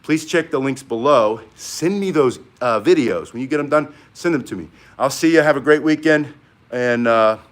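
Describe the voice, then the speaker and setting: A man's voice: medium pitch, moderate pace. A middle-aged man teaching a martial arts class in a casual, encouraging way, rambling with fillers and restarts.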